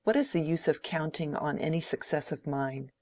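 A woman's voice: deep voice, moderate pace, no echo. A woman doing an angry bitter young man.

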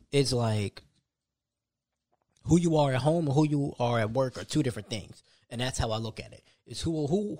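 A man's voice: mid-range voice, a little mellow, no echo, studio quality. A young man hosting a solo podcast, talking casually and conversationally, often restarting his sentences. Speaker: podcast host.

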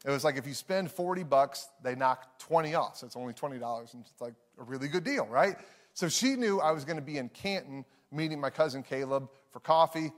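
A man in his thirties preaches a sermon to a live congregation with a slightly high voice. He talks in a loose, conversational way, restarting his phrases often and putting on voices for the people in his stories. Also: brisk. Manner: conversational storytelling with frequent restarts; acts out voices in anecdotes. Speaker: pastor. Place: church hall with live audience.

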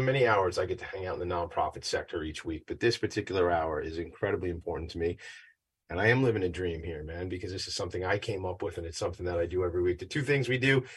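A man's voice: low voice, a bit bright, breathy edge. A man hosting his own show from a home attic studio, chatty and self-deprecating, a bit out of breath. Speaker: podcast host. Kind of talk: casual upbeat show intro.

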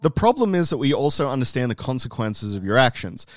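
A man's voice: mid-range voice, very animated, fast talker, no echo. An Australian man, a podcast co-host appearing as a guest, chatting casually and hunting for words as he rambles. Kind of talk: casual chat.

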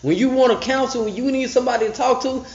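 A man teaching scripture casually on a podcast, reading verses slowly and breaking into restarts and asides. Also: very high voice. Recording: dull, echoey room recording.

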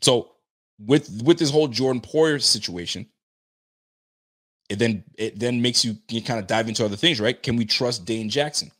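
A man hosting a casual sports talk stream, his voice sitting at an ordinary middle pitch. He is animated and slang-heavy, talks straight to his listeners, and jumps between chat comments and his own opinions. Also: moderate pace. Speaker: sports podcast host.

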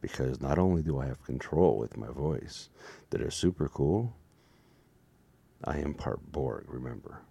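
Man putting on a deep joke voice, mock-seductive, commanding, very low, mellow. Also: expressive, gravelly, husky, no echo, heavily acted. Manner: slow mock-seductive drawl.

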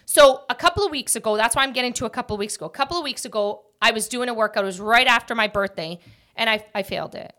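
A woman hosting a casual podcast chat, talking quickly and jumping from one thought to the next like an animated storyteller. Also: fairly high pitch. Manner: rapid, jumps between thoughts. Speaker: podcast host.

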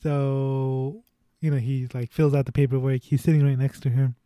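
A man's voice: medium pitch, flat delivery, normal speed, dark tone, no echo. A young man casually retelling a movie plot to friends, rambling, laughing and swearing as he goes.

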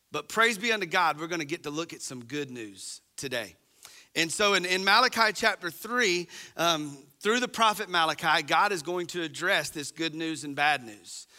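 A man's voice: sits high, sharp tone. A man preaching a sermon as pastor, talking conversationally and straight to his congregation.

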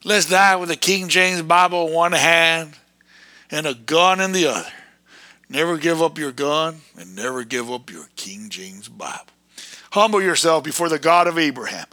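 A man ranting in a fiery, erratic preaching monologue, breaking into sudden shouted bursts. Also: fairly high pitch, lively intonation, moderate pace, no room sound.

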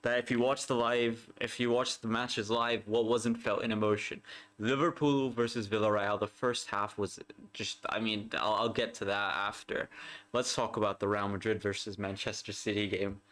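A young man hosting a solo football podcast in casual talk, excitable and rambling, often repeating himself and laughing. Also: lowish voice, moderate pace.

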